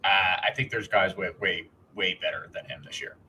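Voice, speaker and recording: Low-voiced man in rambling sports chat. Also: a little fast, bright, forceful tone, a little hiss or hum, poor audio. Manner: rambling, restarts, laughs, swears, mocks with quoted voices. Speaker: podcast co-host.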